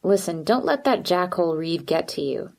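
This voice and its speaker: A blunt, tough teenage girl with a sarcastic edge, as a woman reads her in an audiobook. She speaks straight and plain, in a lowish voice. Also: lively intonation, normal speed, gravelly, a little mellow. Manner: sarcastic, direct.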